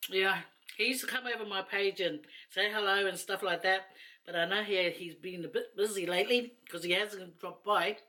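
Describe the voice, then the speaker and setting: A woman's voice: mid-range voice, moderate pace, pushed and bright. A woman chatting casually to camera while eating, rambling and laughing between asides. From New Zealand. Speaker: mukbang vlogger.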